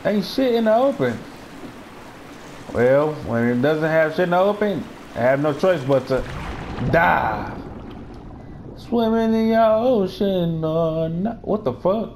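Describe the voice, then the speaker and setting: A young man hosts a let's-play with brash, profane, slang-heavy banter. His voice sits a touch higher than most men's. A faint hiss runs underneath. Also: sing-song, a little slow. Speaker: gaming host.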